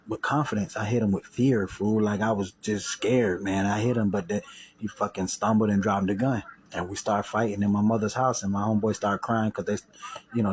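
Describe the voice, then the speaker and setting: A man with a fairly low voice tells his viewers a story in loose, profane slang, circling back and repeating words as he goes. He talks casually and directly to the camera. A faint ambient hiss sits behind him. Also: rough recording. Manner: slangy, profane, repeats and restarts, acts out quoted voices loudly. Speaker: vlogger telling a story.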